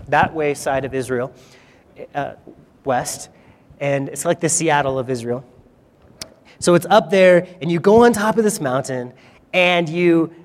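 A man with a high voice preaches to his congregation, retelling a story in an easy, conversational way with self-deprecating asides. His voice rings out into a reverberant hall. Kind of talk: sermon.

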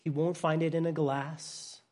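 This is a Bible teacher delivering a sermon at a mid-range pitch. The delivery rises to loud emphasis, then drops to near-hushed softness. Explanations are plain and simple, with frequent restarts. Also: level tone, measured pace.

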